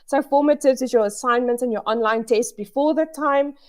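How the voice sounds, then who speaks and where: A woman talks through a webinar over a video call. Her voice sits a little high, and her delivery is chatty and upbeat, full of fillers and quick restarts. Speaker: education webinar presenter. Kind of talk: casual presentation to an online audience.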